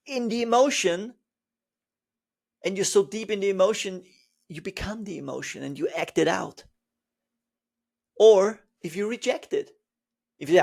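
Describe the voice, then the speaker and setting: Slow, gravelly man giving a spiritual talk. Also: sits high. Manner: emphatic, rhetorical questions, acting out inner voices. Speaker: spiritual speaker.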